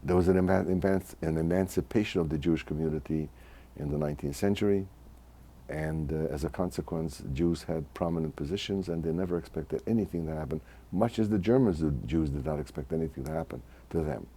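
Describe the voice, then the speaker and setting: A man in his eighties who grew up in Hungary, recalling his childhood in a measured, reflective oral history interview. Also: very deep voice, warm tone. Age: 80s. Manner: measured, reflective, restarts mid-phrase.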